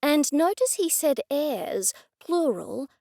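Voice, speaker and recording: Matter-of-fact woman amateur sleuth, the narrator's own voice, bright pitch. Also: big pitch swings, slow, no room sound, clean studio sound, exaggerated voice. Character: practical woman amateur sleuth, first-person heroine.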